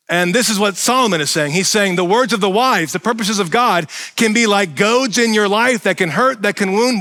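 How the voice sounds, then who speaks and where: Animated male pastor in a reverberant hall. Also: high-pitched. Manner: animated, self-deprecating, swings loud and soft. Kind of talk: sermon. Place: church sanctuary.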